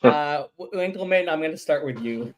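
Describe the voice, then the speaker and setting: Animated man hosting a sports podcast. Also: on the high side, moderate pace. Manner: lively, hamming up mock British titles. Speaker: podcast host. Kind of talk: casual sports podcast chat.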